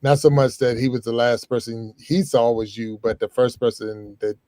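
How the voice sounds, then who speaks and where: A man's voice: mid-range voice, flat delivery, moderate pace, dark tone, no room sound. A man hosting a talk show, reading a listener's question and responding in a hesitant way. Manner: hesitant, many fillers and restarts. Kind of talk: casual conversation.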